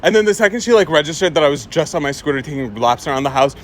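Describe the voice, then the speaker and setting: A man from Egypt telling a story in a chatty, animated way, filling his speech with "like" and "right?". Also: fairly high pitch, very fast, a little hiss or hum. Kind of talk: casual storytime vlog.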